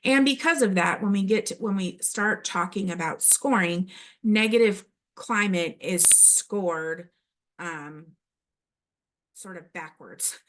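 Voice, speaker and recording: A woman's voice: medium pitch, takes it slowly. A woman trainer giving a recorded training presentation, speaking hesitantly with frequent ums and restarts. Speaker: early childhood classroom observation trainer.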